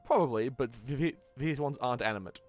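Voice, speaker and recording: A man's voice: mid-range voice, soft background music. Stammering man running a tabletop game. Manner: stammering, quick restarts. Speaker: game master.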